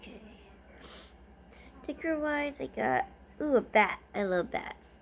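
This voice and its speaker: Woman vlogger, gushing unboxing chat, high pitch with a gravelly edge. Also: very animated, a little slow, slight background noise. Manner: gushing, easily delighted.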